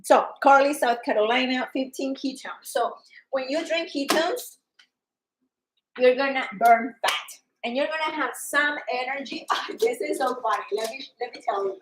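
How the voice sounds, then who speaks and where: Chatty Colombian-accented woman, higher voice. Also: noisy background. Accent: Colombian Spanish. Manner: chatty, laughing, acts out customers' lines. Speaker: wellness product seller. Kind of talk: casual livestream chat.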